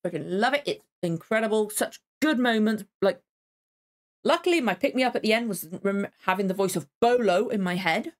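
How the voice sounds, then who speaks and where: A young adult woman hosting a casual reaction video, who rambles and repeats herself, then breaks into excited exclamations. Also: mid-range voice, normal speed. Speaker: YouTube reaction host.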